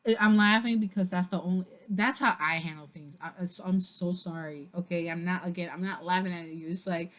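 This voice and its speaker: A woman giving a casual tarot reading to camera, chatty and expressive, with a loose delivery full of fillers, who laughs and swears when something surprises her. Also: mid-range voice, moderate pace, hardly any pauses. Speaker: tarot reader.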